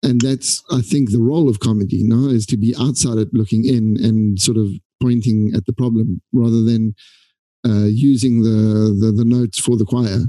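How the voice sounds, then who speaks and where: A man with a low, very mellow voice hosts a casual chat, feeling his way toward his points in halting phrases with many fillers. The sound is dry and close. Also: fairly even intonation, no echo, low-quality recording. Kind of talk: casual podcast conversation.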